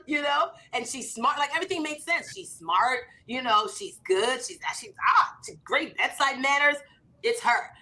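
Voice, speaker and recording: A woman in her thirties, an author and comedian, telling animated stories in conversation and acting out quoted lines with big jumps in pitch. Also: moderate pace.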